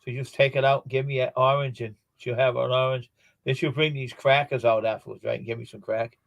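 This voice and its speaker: A man spinning long, wandering stories in a loose conversational way. His voice sits at an ordinary middle pitch. The sound is close and dry, with no room around it. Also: level tone, fairly quick, creaky, no echo, lo-fi sound. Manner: rambling anecdotal storyteller. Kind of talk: casual chat.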